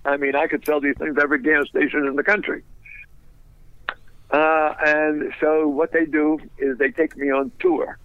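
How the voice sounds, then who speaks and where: Fast-talking wisecracking man, dull lo-fi sound. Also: fairly high pitch, little pitch movement, clean tone. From United States. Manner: fast, wisecracking, laughs at own stories. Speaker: businessman telling a story. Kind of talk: animated anecdotal storytelling.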